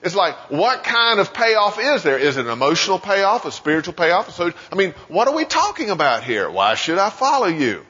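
Husky-voiced pastor preaching in a hall. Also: male voice, sits high, normal speed, hardly any pauses. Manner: animated, acts out listeners' doubting questions. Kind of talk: sermon. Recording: dull sound with long hall reverb.

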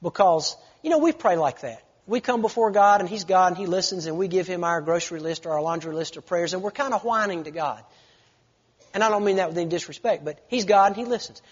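A folksy, animated man in his forties preaches and spins a story from the pulpit. His voice sits high and a little husky. The sound is dull and lo-fi, with a long reverb trailing behind him. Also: fast. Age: 40s. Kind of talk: sermon with storytelling. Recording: lo-fi recording with long hall reverb.

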